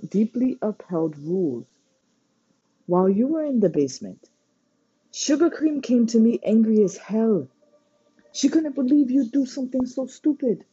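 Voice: mid-range voice, mellow, breathy edge, voice pushed up, exaggerated voice. A reader voicing a blunt, scolding adult male mentor in a storybook reading. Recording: dull lo-fi recording.

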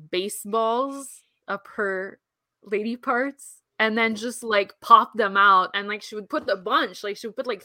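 A woman's voice: medium pitch, pushed and bright, no room sound. A woman co-hosting a podcast, telling a crude secondhand story in a hesitant, trailing way. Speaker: podcast co-host. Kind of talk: crude casual chat.

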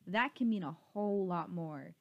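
A woman's voice: on the low side, normal speed, highs cut off. A woman in her twenties, a podcast co-host in casual chat, rambling and laughing often and poking fun at herself. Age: 20s.

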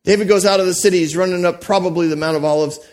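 A pastor delivering a sermon, telling a story with animated asides to the congregation and frequent restarts. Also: male voice, high voice, racing.

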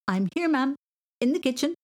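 A woman's voice: medium pitch, moderate pace, darkish tone, husky. A woman voicing a determined, forgetful little boy who talks eagerly and emphatically. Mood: proud.

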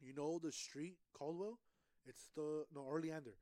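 A young man co-hosting a podcast, telling a story in casual chat with heavy swearing and lively acted-out quotes. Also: a little high, moderate pace, dry recording. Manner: profane animated storytelling. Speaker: podcast co-host.

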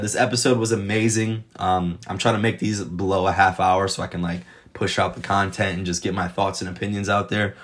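A man casually reviewing a TV episode, retelling scenes in an excited, rambling way full of swearing. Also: on the low side. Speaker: TV show reviewer.

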